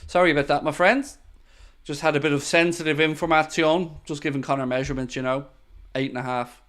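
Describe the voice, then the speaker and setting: Bright-toned man hosting a football watchalong. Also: on the high side, fairly even intonation, fast talker. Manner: chatty, reads out viewer messages and gives tactical opinions. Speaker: football channel host. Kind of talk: casual live watchalong chat.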